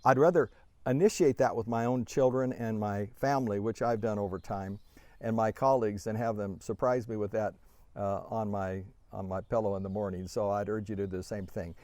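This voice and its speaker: A man's voice: lowish voice, steady tone, brisk, warm tone, no room sound. A middle-aged man, an author and speaker, telling an anecdote with many fillers and restarts, lifting his voice to act out the quoted lines. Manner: acts out quoted dialogue with lifted voice. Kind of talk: storytelling talk.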